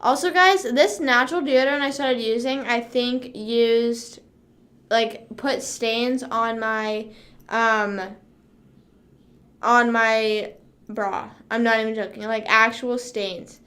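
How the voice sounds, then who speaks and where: A woman's voice: fairly high pitch, steady tone, slow, a bit bright. A young woman hosting a casual livestream chat, bubbly and rambling, saying "like" constantly and breaking into song. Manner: bubbly, rambling, heavy use of "like", bursts into song. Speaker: livestream host.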